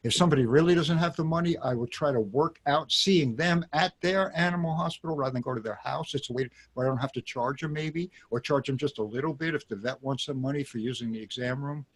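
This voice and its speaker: A middle-aged man, an animated dog trainer telling stories with frequent laughter in a casual panel chat. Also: medium pitch, fast talker, hardly any pauses, husky. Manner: animated storyteller, laughs often.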